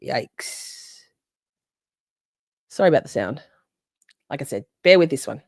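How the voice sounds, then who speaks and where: A woman hosting a live stream, chatty and excitable, often exclaiming as she reacts. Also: very deep voice, unhurried, creaky, no room sound, studio quality. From Australia. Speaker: livestream host. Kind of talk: casual live-stream chat.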